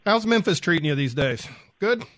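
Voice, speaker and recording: A man's voice: on the high side, very animated, moderate pace, fairly bright tone. A man hosting an interview, talking in an easygoing, chatty way full of fillers. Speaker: host. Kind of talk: radio interview.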